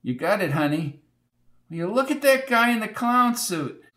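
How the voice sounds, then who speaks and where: A man's voice: sits high, big pitch swings, moderate pace, sharp tone, voice pushed up, full character voice. A man doing a folksy older motel desk lady. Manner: folksy, easily distracted. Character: chatty older female motel desk clerk.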